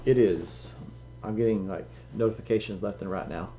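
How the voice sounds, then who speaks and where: A man's voice: on the low side, moderate pace, dark tone, slight background noise. A man co-hosting a live stream in casual chat, who tells a dad joke with a straight face. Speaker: podcast co-host.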